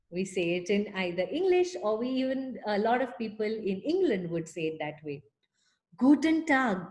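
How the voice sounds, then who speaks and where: A woman's voice: medium pitch, a little mellow. A woman music teacher leading an online lesson for young children, speaking to them in an encouraging, teacherly way. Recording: echoey room.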